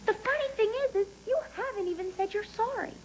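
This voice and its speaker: A woman's voice: very high voice, fast talker, slight background noise, poor audio. An actress playing a bitter, sarcastic young woman who mocks and confronts her father in a daytime soap. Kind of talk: 1990s daytime soap acting.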